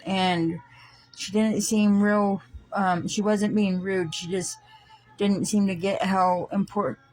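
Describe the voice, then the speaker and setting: A woman earnestly retelling a dream in casual testimony, halting with many fillers and restarts. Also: mid-range voice, fairly even intonation, darkish tone, faint music behind. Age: older than her siblings by fifteen years; adult. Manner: earnest, slow-paced retelling. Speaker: dream storyteller.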